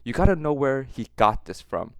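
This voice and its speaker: A man's voice: medium pitch, sing-song, moderate pace, dry recording. A man hosting a reaction commentary, mocking what he watches, laughing often and repeating phrases for effect. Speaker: commentary host.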